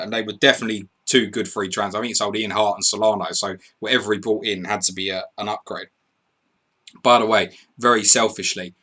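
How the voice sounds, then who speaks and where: A man hosting a live stream, chatting casually, reading out score updates and viewer messages in an excitable way. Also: lowish voice. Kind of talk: casual live commentary and chat.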